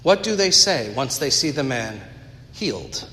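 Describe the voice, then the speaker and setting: A man's voice: medium pitch, sing-song, a little slow, pushed and bright, a little hiss or hum. A man preaching a sermon, retelling a story earnestly with conversational asides to the congregation. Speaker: pastor. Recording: echoey hall with long reverb.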